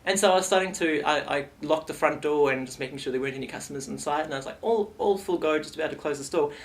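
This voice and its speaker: A man's voice: fairly high pitch, quick pace. Playful rambling young man vlogging. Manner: rambling, playful, animated retelling. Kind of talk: comic storytelling vlog.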